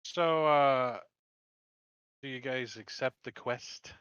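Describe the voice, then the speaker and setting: A man's voice: mid-range voice, slow, a bit bright, clear, resonant tone, no echo, muffled recording. A man narrating a tabletop game as game master, explaining patiently and restarting his sentences.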